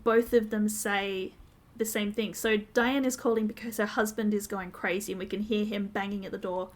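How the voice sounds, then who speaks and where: A woman's voice: medium pitch, steady tone, normal speed. A woman co-hosting a podcast, recapping a TV episode in a casual, detailed, step-by-step way with frequent ums. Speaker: podcast co-host.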